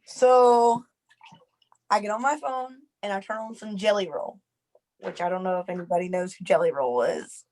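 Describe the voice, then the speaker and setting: Woman, mid pitch, class participant, casual and chatty with lots of "like". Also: normal speed, darkish tone, poor audio. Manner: conversational, with filler "like". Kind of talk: casual sharing.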